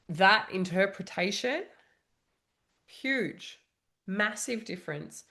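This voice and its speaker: Woman, thirties, trauma coach, candid monologue, reflective, lower pitch. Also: expressive, measured pace, a bit bright. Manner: reflective, openly vulnerable, frequent "you know" and "like".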